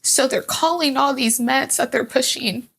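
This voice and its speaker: Candid woman with a gravelly, bright voice. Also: sits high, moderate pace. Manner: candid, emotional, rambling with fillers. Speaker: podcast guest. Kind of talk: personal storytelling in a podcast interview.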